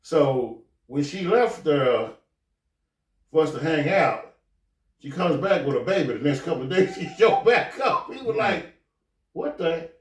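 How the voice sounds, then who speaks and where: A man hosting a podcast, telling a story casually, with animated, profane delivery, acting out the quoted lines. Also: fairly high pitch, moderate pace. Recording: echoey room, mic at a distance.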